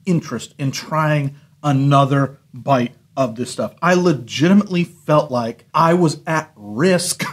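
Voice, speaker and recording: Husky, animated man reviewing cereal. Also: a little high, unhurried, few pauses. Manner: animated, laughing, exaggerated disgust. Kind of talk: casual review vlog.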